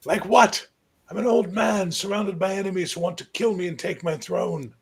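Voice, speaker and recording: A man voicing a very old, frail high king who is gruff, blunt and impatient. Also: normal speed, full character voice. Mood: grim. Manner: blunt, commanding, scolding.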